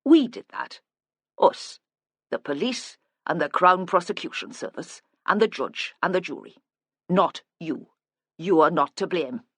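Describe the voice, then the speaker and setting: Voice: mid-range voice, expressive, a little slow, a bit bright, slightly rough, no echo, exaggerated voice. A blunt, no-nonsense middle-aged woman inspector, as an audiobook narrator puts her on, speaking directly and with weight on her words. The read is close and dry, with no room around the voice. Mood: emphatic.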